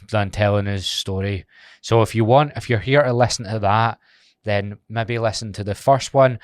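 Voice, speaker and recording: This Scottish man in his twenties speaks with a Glasgow accent and a fairly low pitch, recorded in a clean studio with no room sound. He hosts a casual podcast, joking around, teasing, and swearing freely.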